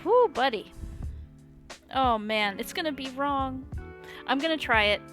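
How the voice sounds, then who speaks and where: A woman streamer giving excitable let's play commentary, exclaiming often and laughing as she plays. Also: sits high, measured pace. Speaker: gaming streamer. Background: loud game music.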